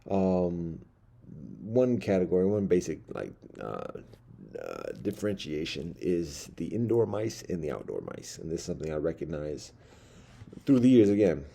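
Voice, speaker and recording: Deep gravelly man rambling by candlelight. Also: huge pitch swings, moderate pace, mellow. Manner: wordy, many fillers and restarts. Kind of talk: rambling storytelling. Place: dim candlelit room.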